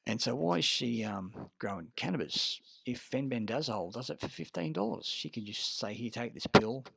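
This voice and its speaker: An Australian man telling a rambling story in a casual monologue, swearing often and pausing on fillers. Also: medium pitch, animated, creaky, a bit bright, slightly rough, no room sound. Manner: rambling and profane, full of filler words. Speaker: vlogger.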